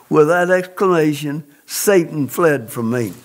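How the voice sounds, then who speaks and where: A man's voice: a little high, expressive, a little slow. A man telling a personal testimony in an interview, speaking in an earnest, emphatic, preacherly way.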